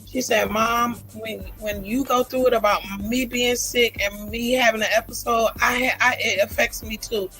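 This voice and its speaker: A woman's voice: fairly high pitch, steady tone, moderate pace, few pauses, fairly bright tone, faint music behind, low-quality recording. A middle-aged woman talking heartfelt and earnest on her own livestream, repeating phrases for emphasis. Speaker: livestream host. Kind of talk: emotional personal livestream talk.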